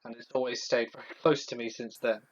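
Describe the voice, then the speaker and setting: A man's voice: mid-range voice, little pitch movement, fairly quick, highs cut off. A young man hosting a live stream, chatty as he reads viewer questions from the chat and answers them one by one. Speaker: horror storytelling channel host.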